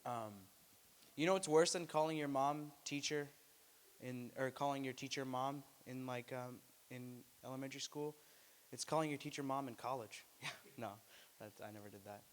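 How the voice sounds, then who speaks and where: A young man works through an open mic stand-up set, deadpan between bits and then loud and shrill when he acts them out. His voice sits in a middle register. The live room gives him a long, hanging reverb. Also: moderate pace, a little hiss or hum. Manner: deadpan delivery with loud high-pitched put-on voices. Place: small student venue.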